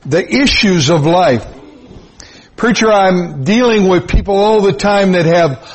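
A man preaching a sermon, emphatic and repetitive, with sudden high-pitched rises. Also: measured pace. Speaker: pastor.

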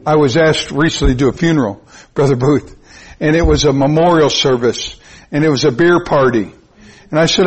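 Male pastor, sermon, husky, slightly high voice, emphatic repeats, surging pitch. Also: fairly quick. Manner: emphatic, repetitive preaching with sudden rises in pitch.

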